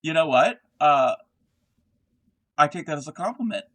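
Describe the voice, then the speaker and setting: A man's voice: a little high, lively intonation, moderate pace, pauses often, pushed and bright. A middle-aged man who hosts a crochet livestream, rambling casually as he answers chat. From Baltimore area, Maryland. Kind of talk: casual live-stream chat.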